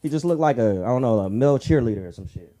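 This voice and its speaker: A man doing a crude stand-up set at an open mic, acting out characters in shrill voices. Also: lively intonation, fast talker, dark tone. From Southern California. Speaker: stand-up comedian. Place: comedy club stage.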